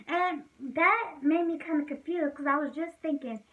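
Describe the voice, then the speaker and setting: A woman's voice: sits high, moderate pace, distant mic, narrow, tinny audio. A young woman casually telling a personal story to the camera, chatty and full of fillers. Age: young adult. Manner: chatty, fillers like "like", frequent laughs.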